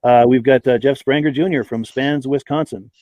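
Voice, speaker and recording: A man's voice: mid-range voice, fairly even intonation, normal speed, dark tone, no room sound. A man hosting a live podcast, chatting and reading out viewers' names and hometowns. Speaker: podcast host. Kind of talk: live-stream podcast chat.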